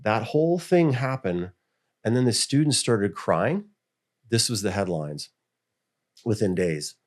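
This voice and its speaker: A man's voice: on the low side, unhurried. A middle-aged American man, a school board member, telling stories in a casual interview and acting out the voices he quotes. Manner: animated, acts out quoted voices.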